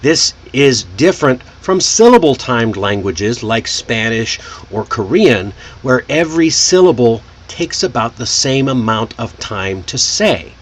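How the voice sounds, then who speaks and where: An American man teaching English pronunciation, slowly explaining and demonstrating example phrases. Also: medium pitch, very animated. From United States. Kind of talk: pronunciation lesson.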